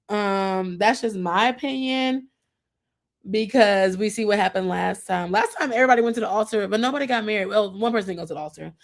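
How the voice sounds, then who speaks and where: A young adult woman hosting a casual TV recap show, talking in a chatty, rambling way and mimicking the people she describes. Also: mid-range voice. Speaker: podcast host.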